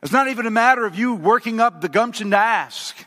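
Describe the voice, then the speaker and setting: A man's voice: high-pitched, animated, fairly quick, bright, forceful tone. A male pastor preaching a sermon, emphatic and asking the audience questions. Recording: long hall reverb.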